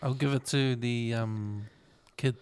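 A man's voice: medium pitch, fairly even intonation, slow pace, smooth. A New man co-hosting a podcast, chiming in with short comments in casual chat. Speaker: podcast co-host.

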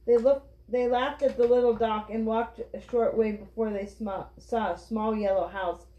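A woman reading a children's book aloud with clear, steady storytelling. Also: fairly high pitch, normal speed. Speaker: reader. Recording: roomy, dull lo-fi.

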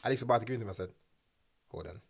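A man's voice: mid-range voice, racing. A young man from the UK, telling stories in casual banter and acting out quotes. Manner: animated storytelling, slang-heavy, acts out quotes.

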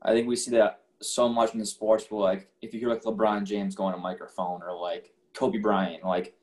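A man's voice: on the low side, flat delivery, moderate pace, a little mellow. A man in a casual podcast chat, rambling and restarting his sentences, with many fillers.

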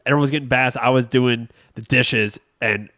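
A man's voice: medium pitch, steady tone, normal speed, bright, forceful tone, no room sound, clean studio sound. A man, a father and co-host, candidly telling a story about his kids in casual chat, laughing at himself.

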